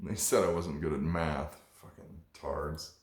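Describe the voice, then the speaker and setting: Profane rambling comedy host. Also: male voice, a bass voice, fairly even intonation, a little slow, roomy sound. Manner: profane, rambling, mock-preachy.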